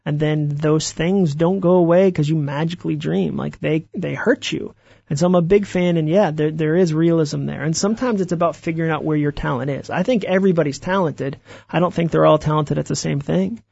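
A man, an author being interviewed, telling stories in an animated way and acting out the voices he quotes. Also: on the high side, brisk, creaky, breathy edge, no room sound, highs cut off. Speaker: author guest. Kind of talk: interview conversation.

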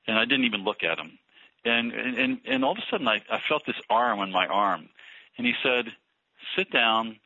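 A man talking through ministry ideas in an interview, thoughtful and halting with many restarts. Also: mid-range voice, bright, forceful tone, no echo. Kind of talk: conversational interview about ministry. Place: Philadelphia. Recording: dull lo-fi radio audio.

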